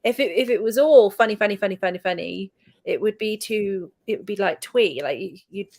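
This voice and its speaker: A woman's voice: mid-range voice, expressive, a little fast, a little mellow. A woman from England with a British accent, co-hosting a casual podcast chat and laughing often. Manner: chatty, laughs often, trailing restarts. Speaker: podcast co-host.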